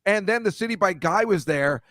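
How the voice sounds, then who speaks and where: A man's voice: high voice, fairly quick, dry recording. Rambling man. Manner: rambling, self-deprecating, speeds up when excited. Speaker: podcast guest. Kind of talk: casual chat.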